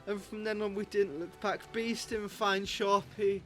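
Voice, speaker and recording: A young man giving jokey, excitable commentary over a football video game, his voice jumping high when shocked. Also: unhurried, faint music behind. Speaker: gaming YouTuber.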